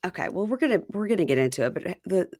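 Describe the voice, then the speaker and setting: Lively woman retelling scenes, low voice. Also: rapid-fire, no echo, studio quality. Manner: retells scenes quoting people in lively put-on tones. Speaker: podcast host. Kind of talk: casual recap chat.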